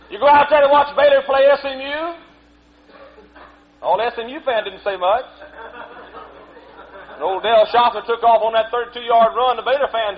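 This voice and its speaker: A man preaching a fiery sermon in a church, swinging from low asides to shouted exclamations. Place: church sanctuary. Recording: dull old tape recording with faint hum.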